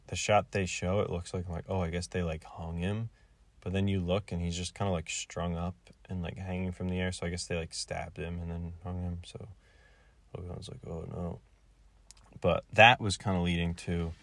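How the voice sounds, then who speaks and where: A man's voice: sits low, no room sound. A man casually recapping and reviewing an episode, rambling with lots of filler words. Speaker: video reviewer.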